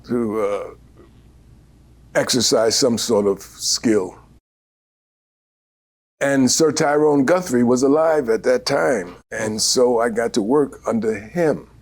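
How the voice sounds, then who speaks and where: An older man with a husky voice tells stories as an interview guest. He talks slowly, with many ums and restarts. His voice swoops up and down expressively. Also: fairly low pitch. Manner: unhurried, animated storyteller with many fillers. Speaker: guest actor. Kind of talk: storytelling interview.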